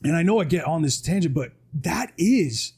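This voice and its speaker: Somewhat high and slightly rough, his darkish voice stays animated at a normal speed. He's appearing as a podcast guest, giving a spirited motivational talk in the studio, preaching hard and regularly tagging his points with "right?"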